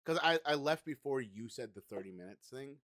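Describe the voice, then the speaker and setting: A man co-hosting a podcast, telling a story in a relaxed, rambling way. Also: medium pitch, a little fast, dry recording, clean studio sound. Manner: relaxed, rambling, mild self-repeats. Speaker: podcast co-host. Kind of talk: casual storytelling.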